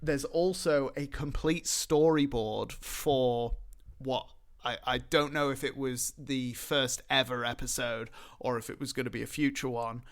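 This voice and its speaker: A man's voice: mid-range voice, fairly even intonation, a little slow. A man co-hosting a podcast in casual chat, rambling and laughing often. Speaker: podcast co-host.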